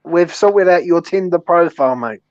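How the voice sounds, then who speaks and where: A man hosts a casual chat and calls everyone mate. His voice sits a little high. The sound is dull and dry. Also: lively intonation, normal speed, dry recording. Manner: matey, calls people "mate". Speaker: host.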